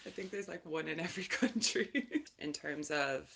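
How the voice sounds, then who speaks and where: A woman's voice: sits low, normal speed, vocal fry, slight background noise. A young Dublin woman with an Irish accent, a guest chatting animatedly on a podcast and laughing often. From Ireland. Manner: animated, laughs often, slips into mimicking voices. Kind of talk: casual chat.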